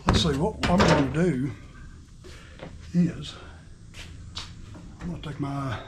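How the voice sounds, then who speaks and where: A man's voice: on the high side, slow pace, background noise. A man hosting a repair channel, talking in a folksy way to himself and the viewer while he works, a little out of breath. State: slightly out of breath. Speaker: mower repair channel host. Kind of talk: hands-on repair demonstration.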